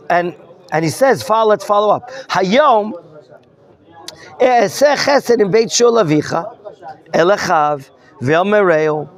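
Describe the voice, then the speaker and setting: A man with a high voice leads a Bible class in a study hall. He explains each term and keeps turning to his students with questions. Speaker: rabbi teaching a class.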